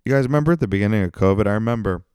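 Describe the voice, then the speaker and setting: A man's voice: on the low side, racing, a little mellow, clean tone, no echo, clean studio sound. A man hosting a comedy podcast, venting in a profane, ranting casual monologue.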